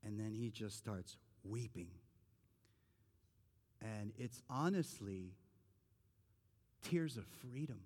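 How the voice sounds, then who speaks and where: A man's voice: lowish voice, expressive, takes it slowly, pauses often, mellow. Earnest male pastor preaching in a hall. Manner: earnest, conversational preaching with rising emphasis. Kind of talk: sermon. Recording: long reverb of a large hall.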